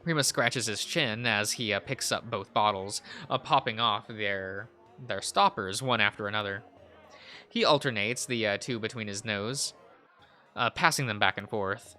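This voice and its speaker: A young man reading a visual novel aloud as a let's play host, halting often with fillers and restarts. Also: on the low side, pushed and bright, soft background music.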